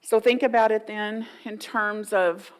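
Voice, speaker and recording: A woman's voice: mid-range voice, steady tone, unhurried, clear, resonant tone, rough recording. A woman pastor giving a folksy, playful sermon in a church, often mimicking voices for humor. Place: church sanctuary.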